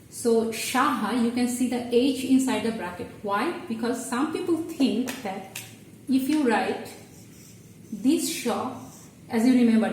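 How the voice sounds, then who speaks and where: A Bengali language teacher explains things at a board in an echoey room, patient and step by step, with halting restarts. Her voice is mid-range and darkish. She's off the mic, and there's slight background noise and faint ambience.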